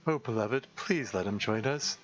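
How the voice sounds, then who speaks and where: Gentle adoring girl, a man playing her, soft pleading tone, dull stream audio. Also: on the low side, animated, moderate pace, faint music behind, natural voice.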